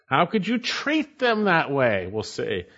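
A man's voice: a little high, huge pitch swings, slow, fairly bright tone. A man preaching an expository Bible sermon in an emphatic way, repeating his key points for stress. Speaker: pastor. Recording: dull lo-fi recording.

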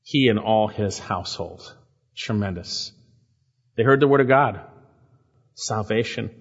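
A man's voice: fairly low pitch, a little slow, slightly rough. A man preaching an expository sermon as pastor, reading scripture aloud and putting questions to his listeners. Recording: long hall reverb, dull lo-fi sound.

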